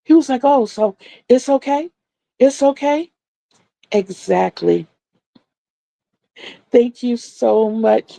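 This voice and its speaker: A woman's voice: mid-range voice, vocal fry, mellow, no room sound. A middle-aged woman hosting a crochet livestream, telling stories in a chatty way and answering viewers' comments.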